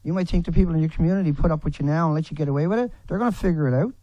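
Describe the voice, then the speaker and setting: A man delivering a furious, profanity-laden rant to camera, breaking into shouts. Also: fairly high pitch, rapid-fire, dry recording, muffled recording. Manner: furious, swearing, shouting in bursts.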